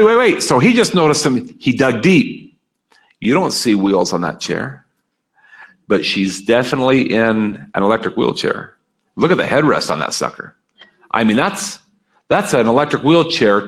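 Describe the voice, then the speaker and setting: A man's voice: on the high side, fairly bright tone, low-quality recording. A man leading an interactive seminar, energetically coaxing his live and online audience and repeating their answers aloud. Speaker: speaker leading a workshop.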